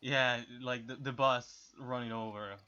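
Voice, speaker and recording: A man's voice: medium pitch, steady tone, measured pace, lo-fi sound, background noise. A man playing a tabletop game online, chatting and joking with the other players. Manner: joking, laughing often. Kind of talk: casual chat during a tabletop game.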